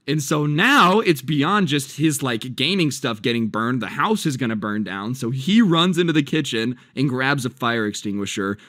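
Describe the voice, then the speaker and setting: A man's voice: medium pitch, a bit bright, no echo, studio quality. A man casually narrating a story as a channel host, chatty and loose with lots of fillers.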